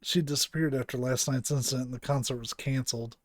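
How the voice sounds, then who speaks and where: A man voicing a stern male police chief in a lowered, quiet, measured and solemn voice. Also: steady tone, no room sound, clean studio sound, natural voice.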